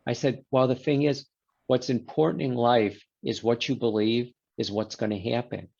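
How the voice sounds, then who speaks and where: A man's voice: mid-range voice, moderate pace, gravelly, dull audio. A man, a guest in a conversation, telling a story and acting out the quoted exchanges. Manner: animated storyteller who voices quoted exchanges.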